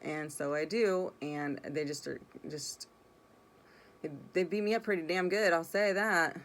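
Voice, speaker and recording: Blunt, low-voiced woman telling a story. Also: fairly even intonation, measured pace. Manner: blunt, swears freely; rambling, self-correcting delivery. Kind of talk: casual personal storytelling.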